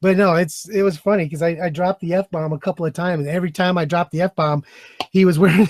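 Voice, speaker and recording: Man, high pitched, dry recording; profane, laughing storyteller on a talk show. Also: steady tone, quick pace, dry recording. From United States. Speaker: podcast guest and former soldier. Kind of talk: casual chat.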